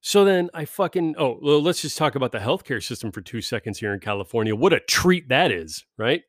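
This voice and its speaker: A middle-aged man on a podcast, ranting sarcastically and swearing constantly, mocking people in high put-on voices. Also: animated, a little fast, no echo, clean studio sound. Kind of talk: profane comedic rant. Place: California.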